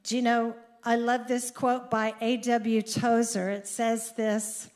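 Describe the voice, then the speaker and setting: A middle-aged woman delivers a sermon in an unhurried, deliberate way, her voice sitting a little high. She speaks earnestly and lifts into animated emphasis when she drives a point home. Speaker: speaker giving a devotional.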